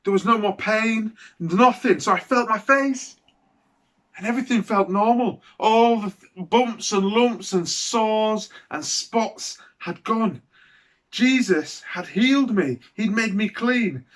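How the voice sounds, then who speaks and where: In a dramatic monologue for children, a man with a high, slightly bright voice plays a leper cast out from society, recounting his healing. He sounds amazed yet mournful, sighing and speaking slowly from the heart.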